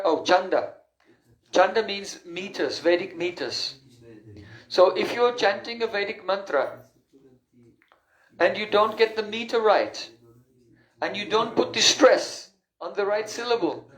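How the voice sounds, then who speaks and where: High-voiced man lecturing in an echoey room. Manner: explanatory, patient, stops to recall terms. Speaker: lecturer on scripture. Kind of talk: spiritual lecture.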